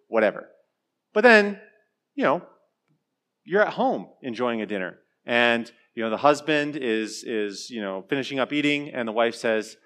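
A man's voice: mid-range voice, expressive, normal speed, a bit bright. A man preaching a sermon in a conversational way, with joking asides and hesitant restarts. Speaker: pastor.

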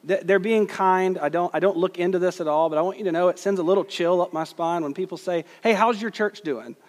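A male pastor delivers an earnest sermon, leaning hard on key phrases and slowing for quotes. His voice sits a little high for a man. A long hall reverb trails each line. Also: fairly even intonation, a little mellow. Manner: earnest, emphatic preaching with slow stressed quotes.

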